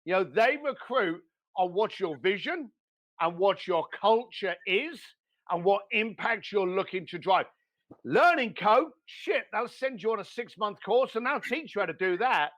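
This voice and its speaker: A man giving blunt, animated business advice as a podcast guest, swearing now and then. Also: high voice. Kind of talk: motivational business talk.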